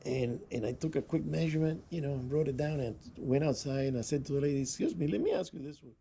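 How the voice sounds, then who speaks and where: A man's voice: on the high side, fast, gravelly, warm tone, slight background noise. A man vlogging, telling rambling anecdotes in a casual way, with restarts and chuckles. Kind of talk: casual storytelling.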